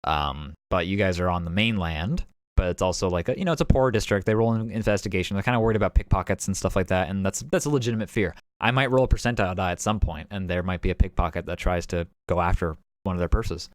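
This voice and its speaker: A man's voice: low-pitched, fast talker, no room sound, studio quality. A man talking casually as game master, recapping a tabletop session in a rambling way full of fillers and restarts. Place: home streaming setup.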